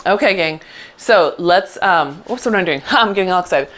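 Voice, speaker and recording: A woman's voice: lowish voice, animated, normal speed, a bit bright. Upbeat woman cueing a Pilates class. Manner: encouraging, upbeat cues with frequent "good". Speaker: Pilates instructor. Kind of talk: live online class instruction.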